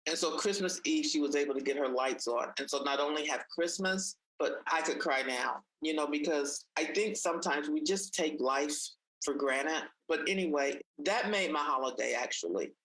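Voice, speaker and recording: A woman in conversation, telling a personal story with animated energy and acting out the voices of people she quotes. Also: normal speed, hardly any pauses, low-quality recording. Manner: animated, acts out quoted voices, pitch jumps up in excited moments. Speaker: guest sharing a story.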